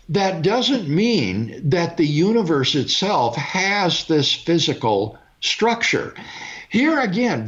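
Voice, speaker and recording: A man's voice: sits high, a bit bright, dull audio. An older man, a philosopher, explaining a point in a careful, emphatic lecturing way over a video call. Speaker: philosopher guest. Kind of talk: measured academic discussion.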